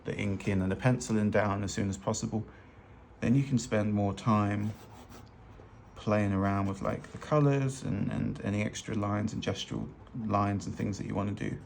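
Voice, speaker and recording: Lowish gravelly guy rambling through a drawing tutorial, faint room noise behind. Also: steady tone, moderate pace, a little mellow. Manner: loose, chatty, self-deprecating, laughs often. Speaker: fashion illustrator teaching. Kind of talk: casual drawing tutorial narration. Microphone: hands-only overhead camera.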